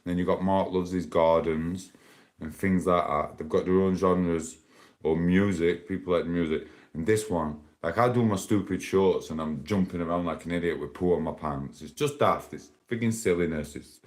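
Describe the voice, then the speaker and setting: A man with a very deep, low voice talks to his viewers on a live stream. He rambles casually and laughs often. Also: normal speed. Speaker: livestreamer.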